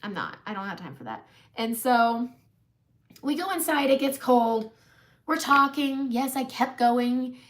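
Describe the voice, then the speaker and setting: With a slightly high voice, lively intonation and a somewhat slow pace, a woman in her forties relates a long, amusing story on her makeup live stream. She laughs at herself often, chatting casually as a self-mocking storyteller.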